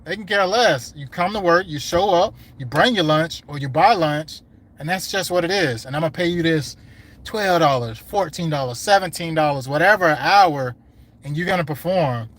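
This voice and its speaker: A man who runs a landscaping business, chatting casually on a livestream from his truck, rambling and slangy, his voice going hoarse. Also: on the high side, animated, moderate pace, a bit bright. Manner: rambling, laid-back, slangy talk. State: hungry and losing his voice. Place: inside his truck while driving. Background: faint vehicle road noise.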